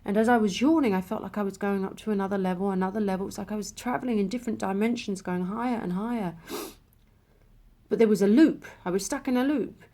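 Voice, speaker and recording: A woman speaks to camera about a personal spiritual experience. Her telling is emotional and intimate, with passages that fall to a hush. Her pitch sits in the middle. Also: fast. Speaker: vlogger.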